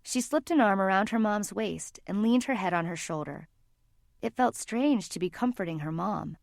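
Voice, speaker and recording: Calm woman reading an audiobook. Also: mid-range voice, normal speed, vocal fry, dry recording, clean studio sound. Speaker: audiobook narrator. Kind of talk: scripted narration.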